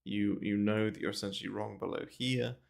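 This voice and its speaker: On his crypto trading livestream, a man rattles off loose market commentary a little fast, his lowish, creaky voice keeping fairly even intonation. Fillers and casual swearing abound, and the desk mic is moved close to his mouth in a small bare room.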